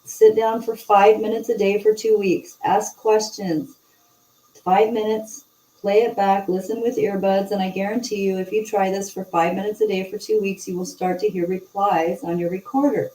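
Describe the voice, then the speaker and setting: A woman hosts a casual chat and slips into animated storytelling. Her voice is mellow and dark. She sits some way from the mic in an echoey room. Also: mid-range voice, normal speed, far from the mic. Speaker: host.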